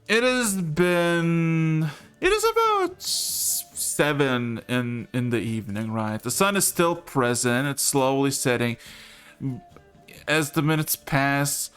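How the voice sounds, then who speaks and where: Guy running a tabletop game, slow and rambly, clear smooth voice, faint music behind. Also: mid-range voice, a bit bright. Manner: rambling narration with restarts and casual swearing. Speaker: game master.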